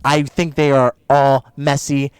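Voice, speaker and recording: Excitable male podcast co-host, dry sound. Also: medium pitch, unhurried, clear, resonant tone, dry recording. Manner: gushing, animated storytelling. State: overheated. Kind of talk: casual chat.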